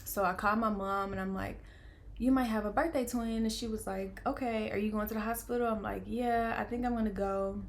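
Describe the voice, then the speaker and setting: A woman's voice: medium pitch, brisk. Chatty young woman telling her birth story. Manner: animated, acts out quoted voices, laughs often. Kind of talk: casual storytelling to camera.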